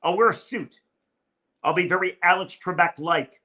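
Male sports podcast host, upbeat and wry, bright tone. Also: sits high, normal speed. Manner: wry, self-mocking, animated. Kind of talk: solo podcast, reading listener comments.

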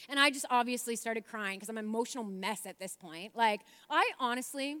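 A woman telling a personal story in a casual, animated way, with lots of fillers and acted-out exclamations. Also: on the high side, brisk. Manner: animated and chatty, many fillers, acts out her own shrieks and others' replies.

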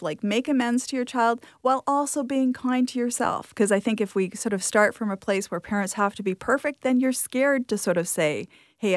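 A middle-aged woman, a guest author, calmly giving practical parenting advice in an interview. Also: mid-range voice, no room sound, studio quality. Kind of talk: interview talk.

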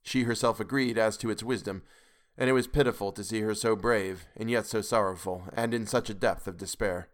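Male podcast reader, measured and grave, classic novel narration. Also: fairly low pitch, steady tone. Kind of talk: audiobook narration.

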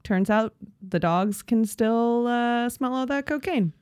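A woman's voice: on the high side, slow pace, a little mellow, clean tone, no echo, clean studio sound. A woman co-hosting a podcast, chatting playfully, swearing and joking. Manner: playful, swears, jokey asides. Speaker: podcast co-host. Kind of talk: casual chat.

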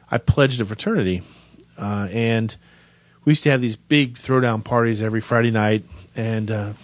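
Man, 50s, podcast co-host, even voice, dry close sound, deadpan self-mocking storyteller. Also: mid-range voice, no echo. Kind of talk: casual storytelling chat.

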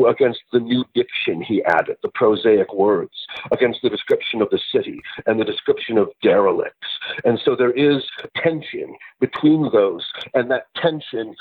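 Husky-voiced man on a phone line. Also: medium pitch, no echo. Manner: thoughtful, explanatory, with fillers and restarts. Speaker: poet and translator guest. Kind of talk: literary interview. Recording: tinny phone-line sound.

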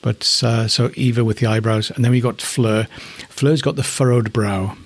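Talking at normal speed in a mid-range voice with fairly even intonation, a middle-aged man from northeast England thinks aloud about the alpacas he keeps. It's casual commentary, warm and fond in tone.

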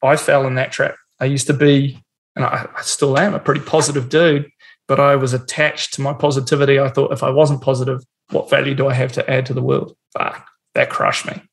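A man's voice: mid-range voice, a little fast, vocal fry. A man talking in a blunt, casual way, swearing freely and acting out little scenes as he explains his views. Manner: blunt and swearing, animated storytelling. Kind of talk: casual chat.

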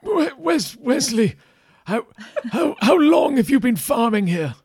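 A man's voice: very high voice, sing-song, slow, a little mellow, breathy edge, dry recording, clean studio sound, heavily acted. A man voicing a pompous male knight who questions suspects in a theatrical, accusing way. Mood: probing.

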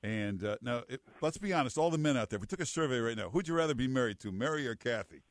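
Man, New York accent, radio host, jokey ribbing, very lively intonation, dry booth. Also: mid-range voice, fast, no room sound. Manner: teasing, jokey. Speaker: guest radio talk show host. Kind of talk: talk radio call-in banter. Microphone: studio microphone.

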